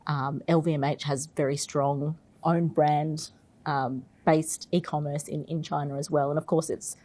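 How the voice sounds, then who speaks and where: A woman leading research at a fund manager, answering interview questions in a relaxed, explanatory way and often saying "you know". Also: low-pitched, measured pace. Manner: explanatory, frequent "you know" fillers and restarts. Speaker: investment research head and portfolio manager. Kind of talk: conversational expert interview.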